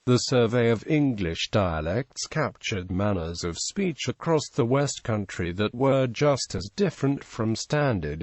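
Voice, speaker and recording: A male text-to-speech voice reading an encyclopedia article, speaking punctuation marks aloud in an even, unvaried delivery. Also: medium pitch, dry recording. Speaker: narrator.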